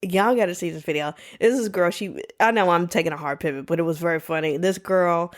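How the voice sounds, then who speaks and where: A woman hosting a solo podcast, telling stories in a sassy, animated way. She talks casually, saying "y'all" and "baby", and puts on playful voices when she quotes people. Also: lowish voice, fairly quick. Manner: colloquial, says "y'all" and "baby". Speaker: podcast host.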